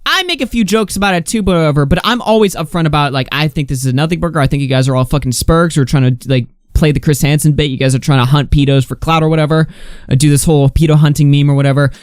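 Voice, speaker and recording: A man's voice: fast talker, clear, resonant tone, no room sound, clean studio sound. A young man hosting a talk show, ranting heatedly with lots of swearing. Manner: heated, profane, mocks others in high whiny voices. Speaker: podcast host.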